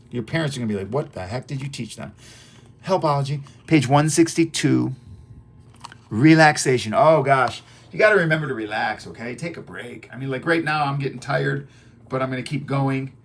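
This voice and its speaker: A man's voice: medium pitch, slight background noise. Chatty man teaching from a book. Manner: chatty and repetitive, quizzing listeners with "right?" and "okay?". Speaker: teacher reading through his self-help book. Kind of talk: audio lesson, reading aloud and explaining. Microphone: audio-only recording.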